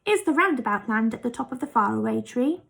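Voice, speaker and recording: A woman's voice: on the high side, expressive, fast, gravelly, fairly bright tone. A woman voicing an eager, bold young boy in a children's story. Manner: eager, exclaiming.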